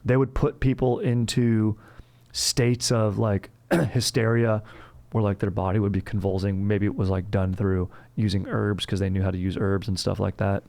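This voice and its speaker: Young adult man, low gravelly voice, flat delivery, slangy profane history riffing. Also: normal speed. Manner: slangy, profane, keeps saying dude and bro. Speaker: comedy history podcast host. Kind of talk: rambling comedic history monologue.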